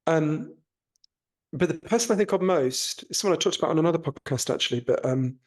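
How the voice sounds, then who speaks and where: Posh-sounding english man, slightly high. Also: a little fast. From North London, England. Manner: animated, swears casually, self-correcting restarts. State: under the weather. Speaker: guest author. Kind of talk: casual podcast interview.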